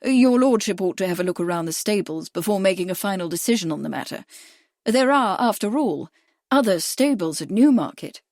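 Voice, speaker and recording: A woman voicing a genial, cautious gentleman adviser who speaks amiably and deferentially, in an audiobook. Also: medium pitch, expressive, fairly quick, no echo, studio quality, close to an everyday voice. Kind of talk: audiobook character voice.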